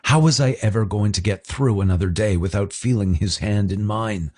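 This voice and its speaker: A man's voice: on the low side, normal speed, darkish tone. A man narrating a romance audiobook in the first person, with intense, emotional delivery.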